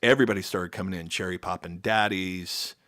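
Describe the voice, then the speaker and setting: A man's voice: low voice, fairly quick, no echo, clean studio sound. A middle-aged man with an American accent, telling band stories casually as a podcast guest and acting out quotes. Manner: animated storyteller, acts out quotes with sudden loud jumps. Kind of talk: casual storytelling chat.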